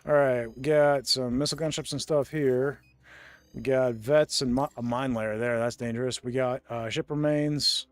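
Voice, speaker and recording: A man's voice: mid-range voice, fairly even intonation, moderate pace, clear, resonant tone, dry recording. A man from the American South streaming a game live, talking in a casual, rambling way and laughing often. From Southern United States, Florida. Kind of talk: casual live-stream chat while gaming.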